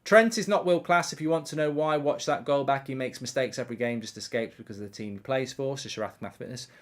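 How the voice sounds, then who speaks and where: A man's voice: mid-range voice, fast. A man hosting a live football watchalong, chatting casually and reading out viewer comments. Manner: animated, reading viewer comments, frequent fillers. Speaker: host.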